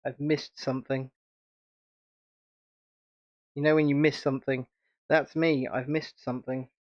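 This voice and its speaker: A man's voice: mid-range voice, level tone, unhurried, dull audio. Chatty British man hosting a livestream. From United Kingdom. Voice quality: chatty, laughs often, rambling asides. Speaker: channel host. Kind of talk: casual livestream chat.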